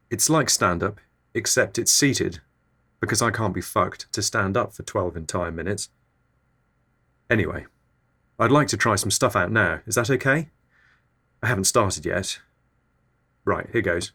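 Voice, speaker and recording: A man with a lowish voice delivers absurd comedy bits flatly, never raising his energy. His tone stays deadpan and unhurried as he hosts his comedy podcast. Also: gravelly. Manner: deadpan, low-key delivery. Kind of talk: absurdist comic monologue.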